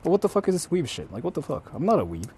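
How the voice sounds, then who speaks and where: A male live-streamer walks a city street at night and talks into a handheld mic. He speaks in loud, profane, mocking bursts, slips between English and Japanese, and his tone stays dark and mellow. Faint traffic hums behind him. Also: on the high side, wildly swooping pitch, racing. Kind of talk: casual live-stream chatter.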